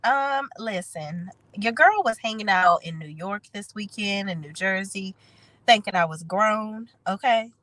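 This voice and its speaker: A woman's voice: medium pitch, a little slow, fairly bright tone, no echo, poor audio. A woman reviewing a reality TV episode in chatty, sassy casual commentary, her voice nasal and congested from a cold. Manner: chatty, sassy, talks straight to viewers.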